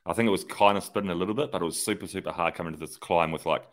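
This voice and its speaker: Man, very low voice, casual podcast chat, lively storytelling. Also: racing. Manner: animated storyteller, acts out radio exchanges. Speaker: podcast co-host, former pro cyclist.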